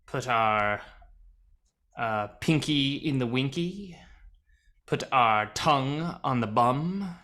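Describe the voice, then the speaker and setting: A goofy man playing a tabletop game, tossing off jokes in casual chat. His voice is bright and at a middle pitch. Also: expressive, takes it slowly, pauses often. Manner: goofy, jokey. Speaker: player.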